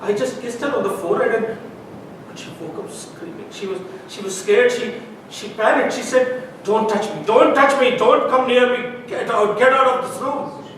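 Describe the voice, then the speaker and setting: An actor rehearsing the role of an anguished father, recounting events in a halting, stammering way, recorded in a rehearsal room. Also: close to an everyday voice. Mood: frantic. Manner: halting, stammering, repeating words. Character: anguished father telling of a night with his daughter. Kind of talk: stage drama rehearsal. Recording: echoey room, distant mic, hiss and rumble.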